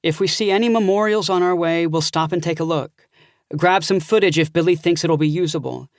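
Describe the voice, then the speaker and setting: A man voicing a calm, decisive young woman who takes charge of her friends. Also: on the high side, a little fast, dry recording, clean studio sound, close to an everyday voice. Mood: firm. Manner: firm and organized.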